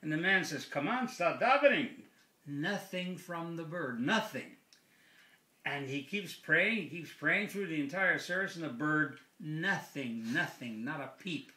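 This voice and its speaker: A man telling a long joke in a relaxed, unhurried storytelling manner. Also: on the high side. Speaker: joke teller. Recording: echoey room.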